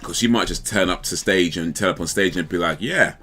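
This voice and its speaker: Very deep-voiced man rambling on stream. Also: fairly even intonation, brisk, a bit bright, soft background music. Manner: rambling, laughing, trailing off mid-thought. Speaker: livestream host. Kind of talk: casual livestream chat.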